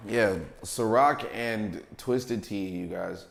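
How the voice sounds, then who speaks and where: A man's voice: on the low side, normal speed. A man co-hosting a livestreamed podcast, chatting casually with slangy banter and frequent laughter. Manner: laid-back slangy banter, laughs often. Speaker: podcast co-host. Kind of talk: casual chat. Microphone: livestream mic. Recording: echoey room.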